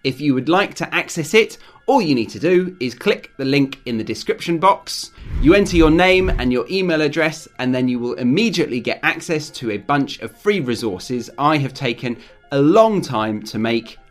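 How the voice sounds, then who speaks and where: A man's voice: on the high side, animated, moderate pace, faint music behind. Man teaching English vocabulary. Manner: friendly, clear, teacherly, explains with examples. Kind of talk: explanatory vocabulary lesson.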